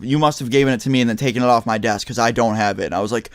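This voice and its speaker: A young man telling a storytime vlog in a casual, animated way, swearing and acting out the people in his story with loud outbursts. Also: mid-range voice, fast talker, few pauses, no echo. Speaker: storytelling vlogger.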